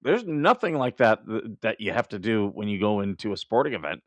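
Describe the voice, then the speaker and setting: A man's voice: on the low side, big pitch swings, a little fast, dry recording. Ranting male live-stream host. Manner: ranting, laughs often, rambling restarts. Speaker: livestream host. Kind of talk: casual live-stream commentary.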